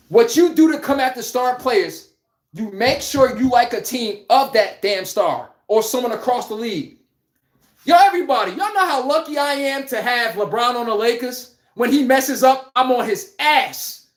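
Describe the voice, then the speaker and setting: Man, podcast host, blunt sports rant, animated, roomy echo. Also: very high voice. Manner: blunt, animated, swearing, laughing. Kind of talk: casual live-stream sports rant.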